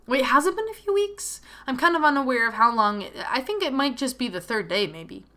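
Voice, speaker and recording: A woman's voice: sits high, expressive, brisk, sharp tone. A young woman talking casually as she plays through a visual novel, chatty and rambling with lots of filler words. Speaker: video game streamer. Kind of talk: casual playthrough commentary.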